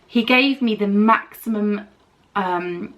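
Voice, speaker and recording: Slow and mid-range, this British woman's voice comes through with the highs cut off. A beauty vlogger, she tells a long, candid, chatty, rambling story at home while doing her makeup and recovering from dental treatment.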